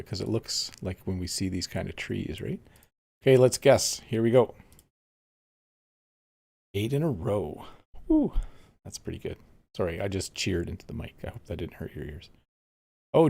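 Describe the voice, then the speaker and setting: A man's voice: lowish voice, creaky, darkish tone, breathy edge. A man teaching English on a casual live stream, chatting easily and reading viewer comments aloud while he plays a game. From Canada.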